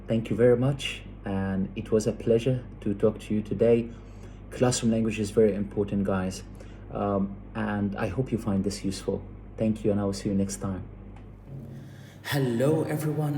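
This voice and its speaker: A man's voice: fairly low pitch, warm tone, a little hiss or hum. A man teaching classroom English who acts out the teacher phrases in a raised voice. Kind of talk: lecture on classroom language. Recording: echoey room, far from the mic.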